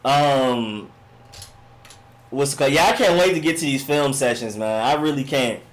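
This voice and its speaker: A laid-back man hosts a sports live stream, chatting casually with his viewers. He rambles from one comment to the next in relaxed slang and keeps checking in with a "you know what I'm saying". His voice sits at an ordinary middle pitch. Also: moderate pace.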